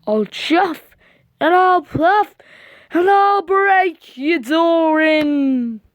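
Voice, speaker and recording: A woman's voice: extremely high pitch, drawn-out words, no room sound, highs cut off, voice pushed up, exaggerated voice. Percy, cheeky tank engine, put on by a woman. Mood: spooky. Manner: teasing, giggly. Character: cheeky young male tank engine, playful prankster.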